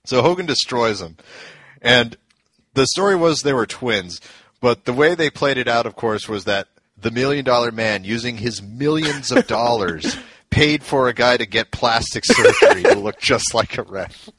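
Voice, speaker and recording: A man's voice: medium pitch, sing-song, moderate pace, a bit bright, dry recording. A man co-hosting a casual podcast, eagerly recounting old events and laughing often. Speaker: podcast co-host. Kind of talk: casual storytelling chat.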